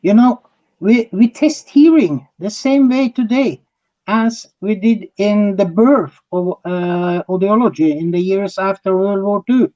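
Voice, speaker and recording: A man from Norway with a Norwegian accent, a podcast guest who answers in a halting, thoughtful way. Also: sits high, dark tone. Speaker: podcast guest, audiology innovator. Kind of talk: casual interview answers. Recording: dull, muffled remote audio.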